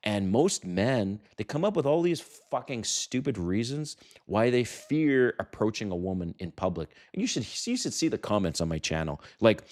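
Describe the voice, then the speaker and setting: A middle-aged man giving dating advice to camera in a brash, profane, animated way, acting out quotes. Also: medium pitch, moderate pace, hardly any pauses. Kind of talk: casual to-camera talk. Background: sirens outside.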